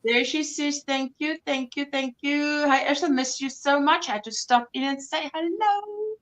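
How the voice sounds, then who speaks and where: A woman's voice: sits high, normal speed, hardly any pauses, a bit bright. A woman from South Africa hosting a casual livestream at home, chatting and greeting viewers by name. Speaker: livestream host. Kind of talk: casual chat reading out viewer comments.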